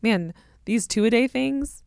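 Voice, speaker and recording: A woman's voice: a little high, a little slow, vocal fry, a little mellow, clear, resonant tone, no room sound, clean studio sound. A woman co-hosting a podcast in casual, joking chat, teasing her co-host. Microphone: studio microphone.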